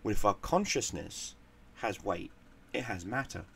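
Gravelly man telling a rambling story. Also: on the low side, sing-song, measured pace, a little hiss or hum. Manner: profane, rambling, with repeated words. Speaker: gaming channel host. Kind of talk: casual storytelling monologue.

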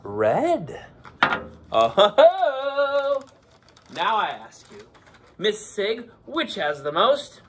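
A male teacher running a playful lesson for children, cracking pirate jokes and slipping into a gruff pirate voice. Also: high-pitched, wildly swooping pitch, extremely slow, pauses often, a little hiss or hum. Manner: hammy, joking, slips into a gruff pirate voice.

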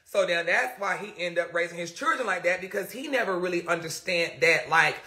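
Very high-pitched, bright animated man. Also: fairly quick, a little hiss or hum. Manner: animated, dramatic retelling with outbursts. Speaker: live-stream host. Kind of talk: casual storytelling to live viewers.

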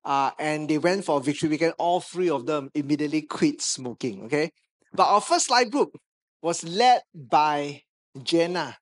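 A man with a Malaysian English accent, preaching a sermon as a pastor, telling a lively anecdote with touches of humor. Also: a little high, moderate pace. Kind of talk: sermon storytelling. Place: church stage.

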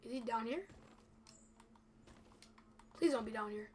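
A woman's voice: on the high side, a little slow, a little mellow, a little hiss or hum. A young woman giving live gameplay commentary, chatty and anxious, talking straight to her viewers. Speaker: gameplay video creator.

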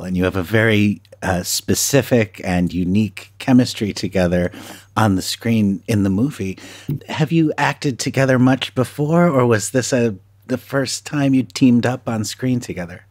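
A podcast co-host with a fairly low voice asking friendly, complimentary questions. The sound is dry and close, with almost no room sound. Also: male voice, moderate pace, no echo. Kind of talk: interview questions.

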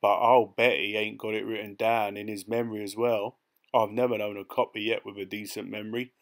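A man's voice: on the low side, flat delivery, brisk, lightly acted. A man voicing a sly, boastful male pickpocket, talking in a cocky, streetwise way.

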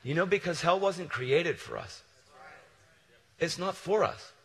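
Lively preacher man with a bright edge. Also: fairly high pitch, a little slow, big-room sound. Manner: casual and animated, slangy asides. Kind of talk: storytelling sermon.

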